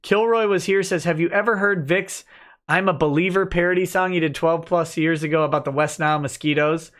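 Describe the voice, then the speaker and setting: A man hosting a casual livestream who reads viewer comments aloud and answers them with dry, joking asides. His voice sits a little high for a man, and his talk is loose and easygoing, sprinkled with "uh". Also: a little fast. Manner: relaxed and joking, with frequent "uh" fillers. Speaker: lawyer and livestream host.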